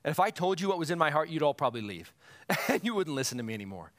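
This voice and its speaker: A man's voice: on the high side, big pitch swings, very fast, a bit bright. Earnest, emphatic man preaching a sermon. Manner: earnest, self-deprecating, emphatic. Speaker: pastor.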